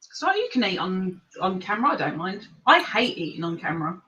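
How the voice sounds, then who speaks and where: A woman's voice: medium pitch, sing-song, fairly quick, bright, forceful tone, dull audio. A woman hosting a casual live chat, quizzing her viewers in a chatty, giggly way. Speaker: host. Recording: echoey room.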